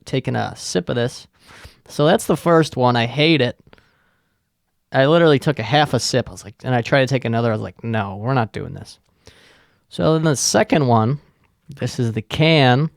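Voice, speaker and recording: A middle-aged man rants casually on his own podcast, swearing freely and mocking as he rambles. His voice has a gravelly rasp. He talks at a middle pitch, with a dry close sound. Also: no echo. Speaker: podcast host. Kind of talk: casual solo podcast rant.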